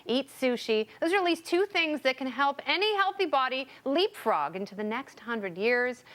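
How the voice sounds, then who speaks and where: A woman hosting a TV panel show, reading segments with quick wisecracks. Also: high voice, fairly bright tone. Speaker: host.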